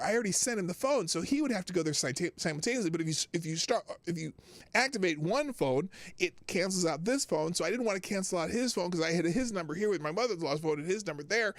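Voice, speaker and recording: A man's voice: sits high, no room sound. A middle-aged man hosting a live show, telling a long exasperated story in a rambling, casual way. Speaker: livestream show host.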